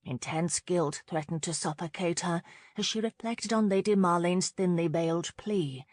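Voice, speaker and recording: Low-voiced woman narrating a romance. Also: moderate pace, darkish tone, no room sound. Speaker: audiobook narrator. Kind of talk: scripted narration.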